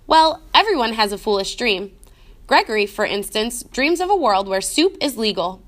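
A woman voicing an odd old male jailer who speaks of himself in the third person, bluntly and loudly, in a storybook reading. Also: on the high side, sing-song, moderate pace. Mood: musing.

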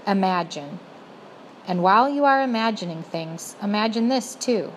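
A woman narrating a children's storybook, speaking directly to the reader in a gently expressive way. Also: medium pitch, normal speed, slight background noise, poor audio. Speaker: audiobook narrator.

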